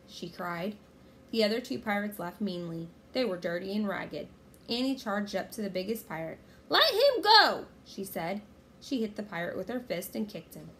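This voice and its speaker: Woman, children's storybook read-aloud, steady expressive narration, mid pitch, faint hiss. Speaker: reader.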